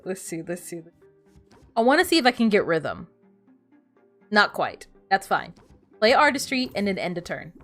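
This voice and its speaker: A woman's voice: medium pitch, big pitch swings, moderate pace, long pauses, fairly bright tone, faint music behind. A woman streamer chatting casually while playing a game, rambling and laughing often. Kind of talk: casual gaming stream chat.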